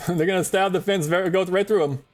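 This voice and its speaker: A man's voice: sits high, brisk, soft background music. A man streaming a video game, talking in casual commentary; he jokes, swears and rambles, laughing often. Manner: joking, profane, rambling with frequent laughs.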